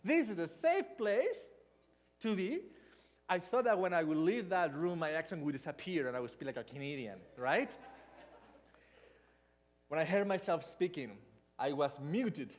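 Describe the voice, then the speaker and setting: A man's voice: fairly high pitch, moderate pace, long pauses. Hispanic-accented man preaching in a reverberant church. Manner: storytelling, animated with mock dialogue. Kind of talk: sermon. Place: church hall.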